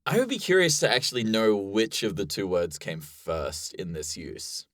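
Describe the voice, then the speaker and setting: A young man with an Australian accent, talking in a lowish voice on a comedy podcast. He rambles playfully from one aside to the next and laughs a lot. His voice sounds dry and close, with no room echo. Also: big pitch swings, normal speed, a bit bright. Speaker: co-host. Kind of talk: improvised comedy podcast chat.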